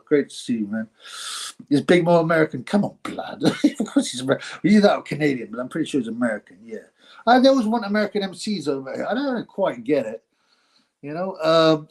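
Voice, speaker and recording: A middle-aged man, hosting a casual live stream, reading viewer comments aloud, rambling and laughing often. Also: on the high side. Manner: rambling, laughs often, breaks into mock announcer voices.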